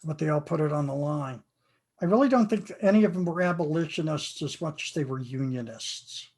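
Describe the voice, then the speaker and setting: A man's voice: a little high, a little fast, a little mellow. An older American man, a game author, giving an earnest, reflective interview and often repeating himself. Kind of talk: conversational interview.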